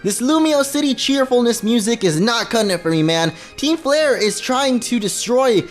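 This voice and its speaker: A man hosting a gameplay video, commenting in a goofy, joking and excitable way. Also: very high-pitched, normal speed, soft background music. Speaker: let's play host.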